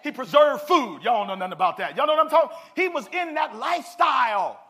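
Pastor, male, high bright voice, lively call-and-response preaching. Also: quick pace, husky. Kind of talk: sermon.

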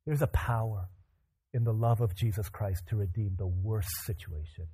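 A man preaching a sermon, animated, acting out the voices in the scripture with casual asides. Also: lowish voice, moderate pace, husky.

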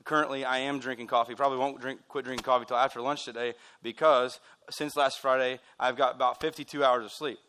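A man preaching a sermon in a church. He is excitable and wired, and he throws in joking asides. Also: mid-range voice, fast. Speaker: pastor.

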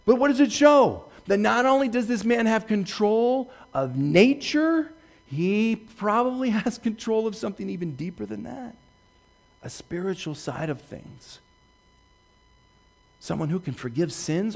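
A man preaching a sermon, retelling Bible stories with lively swings from hushed quoting to excited bursts. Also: sits high, gravelly. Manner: animated storytelling, jumping from hushed to excited; quotes scripture slowly and softly. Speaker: pastor.

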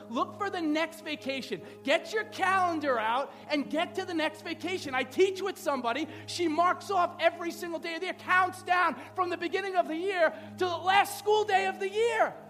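A male pastor in his thirties delivering a conversational sermon, full of rhetorical questions and humor. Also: very high-pitched. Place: church sanctuary. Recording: long hall reverb with background music.

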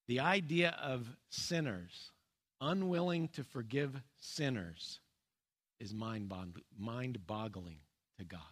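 A man's voice: mid-range voice, takes it slowly, a bit bright. Earnest man preaching a sermon. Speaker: pastor.

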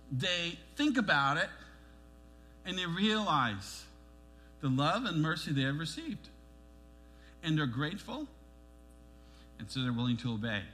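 A middle-aged man preaching a sermon as a pastor, animated, pushing his emphasis upward and acting out the voices he quotes. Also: high-pitched, measured pace, pauses often, faint music behind.

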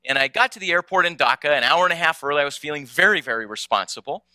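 A man's voice: fairly high pitch, expressive, rapid-fire, bright, forceful tone, no echo. A man telling a personal story in a conversational way to an audience, often repeating small words as he goes. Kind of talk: storytelling talk.

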